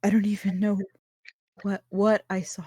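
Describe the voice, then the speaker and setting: A woman's voice: mid-range voice, little pitch movement, moderate pace, mellow, slightly rough, no echo, clean studio sound, lightly acted. A woman voicing a shaken adventurer woman who falters and repeats her words.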